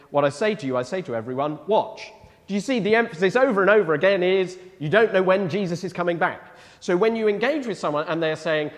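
A male preacher delivering a sermon in a church, with a lively, rising-and-falling delivery. He talks casually and keeps checking in with his listeners. A long hall reverb trails his words. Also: sits high. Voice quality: conversational, asks the congregation questions.

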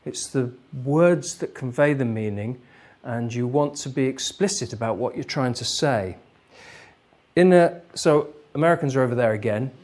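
A man giving an interactive workshop lecture, explaining ideas in a lively way. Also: medium pitch, normal speed. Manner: lively, explanatory, laughs easily. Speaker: lecturer, trainer.

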